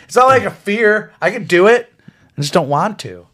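A man co-hosting a casual comedy podcast, hesitant and stammering, with deadpan muttered asides. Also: high-pitched, normal speed. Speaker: podcast co-host.

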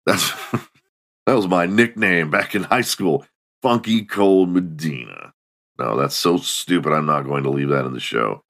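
A man's voice: deep voice, unhurried, fairly bright tone. A middle-aged man hosting a solo comedy podcast, sarcastic and mocking, acting out little scenes. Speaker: podcast host.

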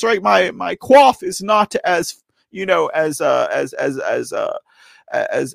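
Brief: forties male host, sarcastic off-the-cuff commentary, high lively voice, dry close sound. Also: gravelly, no room sound. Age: 40s. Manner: animated, sarcastic, laughing asides and rhetorical questions. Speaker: host of a political commentary show.

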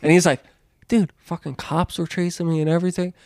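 Man, slightly high voice, dry close sound, casual storytelling, swears a lot, acts out quotes. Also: level tone, brisk, darkish tone, dry recording.

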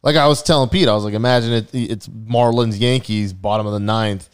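Fast-talking casual podcast man. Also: fairly low pitch, steady tone, clean tone. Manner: fast, loose, swearing, lots of fillers. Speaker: podcast co-host. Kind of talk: casual chat.

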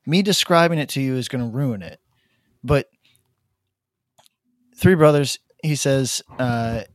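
A man's voice: mid-range voice, a little slow, pauses often, no room sound, studio quality. A man on a podcast, casually retelling a story with lots of fillers and acted-out quotes. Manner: rambling, many fillers, acts out quotes. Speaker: podcast co-host. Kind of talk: casual chat, animated storytelling.

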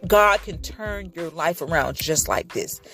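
A woman with a fairly low voice delivers an informal podcast sermon, earnest and direct with her listeners. She stumbles a little as she reads scripture aloud, and soft music plays faintly behind her. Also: expressive. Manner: conversational preaching, halting while reading scripture aloud. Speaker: podcast host.

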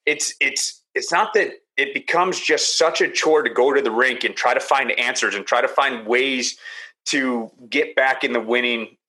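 Bright-voiced, earnest man on a podcast. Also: mid-range voice, low-quality recording. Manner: earnest, repeats words as he searches for them. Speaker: podcast guest, former pro hockey player. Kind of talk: casual podcast chat.

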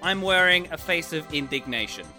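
A man's voice: on the high side, expressive, moderate pace, sharp tone, faint music behind. A man co-hosting a casual podcast, playful and jokingly mock-indignant. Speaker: podcast co-host.

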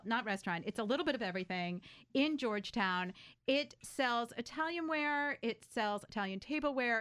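A woman's voice: a little high, fairly bright tone, clear, resonant tone. A woman hosting a talk show, interviewing guests in a chatty, enthusiastic way. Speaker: radio talk show host. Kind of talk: live interview chat.

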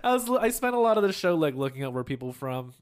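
A man co-hosting a podcast in casual chat, easygoing and quick to laugh. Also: a little high, very animated, clear, resonant tone. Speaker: podcast co-host.

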